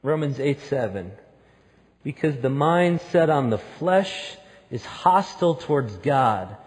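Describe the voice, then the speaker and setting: A man preaching a sermon, telling a story that builds to loud, emphatic peaks. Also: mid-range voice, animated, slow pace, in a large hall. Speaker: pastor.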